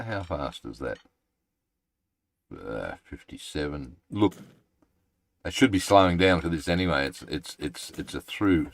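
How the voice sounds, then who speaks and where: A man streaming a game live, thinking aloud in a halting, rambling way and chatting to his viewers. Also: sits low.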